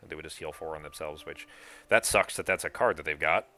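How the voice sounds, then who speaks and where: A man's voice: a bass voice, brisk, sharp tone, no echo. A man acting as game master for a tabletop board game, thinking aloud, counting moves and swearing casually.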